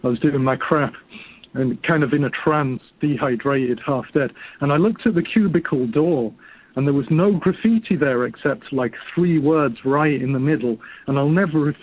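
A man's voice: fairly high pitch, normal speed, husky. An English man calling in to a podcast to tell a funny story in a chatty, amused way, heard over a phone line. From United Kingdom. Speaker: caller.

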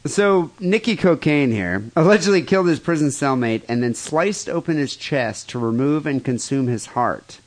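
A man's voice: a little high, expressive, normal speed, hardly any pauses. Crude joking man on a podcast. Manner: crude, joking, laughs often. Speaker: podcast co-host. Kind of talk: casual podcast chat, reading listener emails.

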